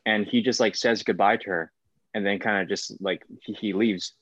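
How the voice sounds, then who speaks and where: A man's voice: on the low side, steady tone, moderate pace, fairly bright tone, slightly rough, no echo. A man, an actor, talking casually in an interview, rambling with many fillers. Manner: rambling, full of fillers like "like" and "whatnot". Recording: dull, lo-fi sound.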